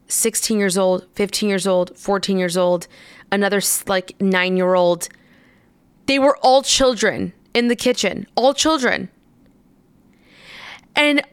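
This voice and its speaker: A woman telling a story casually, exasperated and animated, swearing often and filling her talk with "like". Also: fairly high pitch, clear, resonant tone, dry recording.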